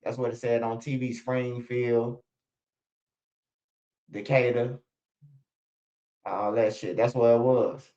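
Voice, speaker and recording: A man's voice: medium pitch, level tone, slow, long pauses, warm tone. A man hosting a casual livestream, talking loosely and swearing often. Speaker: streamer. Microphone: streaming setup. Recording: slightly dull lo-fi stream audio.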